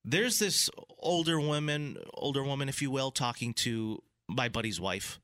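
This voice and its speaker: A man's voice: mid-range voice, moderate pace, no room sound, studio quality. A man in casual chat, animatedly telling a story and acting out the people in it. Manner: animated, acts out other people's voices in his stories.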